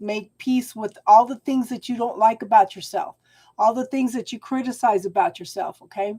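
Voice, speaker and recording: A middle-aged woman, hosting a live tarot reading and advising viewers in a warm, encouraging way, calling them hon. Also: a little high, unhurried. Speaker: tarot reader and channel host.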